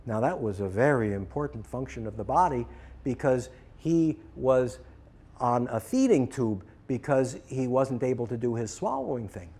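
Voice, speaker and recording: A man telling a personal story to trainees, lively and acting out both sides of the conversations he recounts. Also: mid-range voice, moderate pace, slightly rough. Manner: animated, acts out both sides of a dialogue. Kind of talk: storytelling talk.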